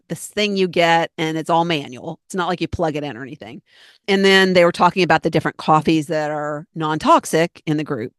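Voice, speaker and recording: A woman's voice: lowish voice, no echo, clean studio sound. A middle-aged woman hosting her own podcast, talking in a chatty, rambling, earnest way and acting out her own thoughts. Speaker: podcast host. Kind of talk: casual solo podcast talk.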